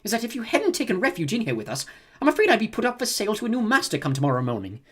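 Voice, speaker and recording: C-3PO, a whiny fussy droid. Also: male voice, sits high, huge pitch swings, rapid-fire, a bit bright, husky, voice pushed up, exaggerated voice. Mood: fretful. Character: fussy anxious male protocol droid.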